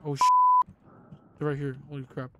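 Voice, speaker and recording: An excitable young man commentating his own gameplay, his voice sitting a bit high for a man. He exclaims and half-swears as the action heats up, with gunfire and beeps clearly audible behind him. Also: normal speed, dull audio, heavy background noise. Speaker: gamer.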